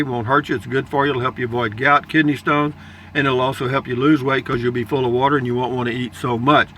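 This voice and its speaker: A man's voice: medium pitch, pushed and bright, a little hiss or hum. An older man reading viewer comments aloud in a folksy, rambling casual chat. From Texas, United States. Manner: folksy, rambling, chuckling asides.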